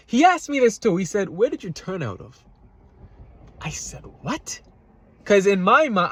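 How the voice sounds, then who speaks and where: A man's voice: on the high side, no echo. A man telling a road-rage story in a heated, profane rant, repeating himself, his voice jumping up when he gets upset. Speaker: vlogger. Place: at home, eating a salad.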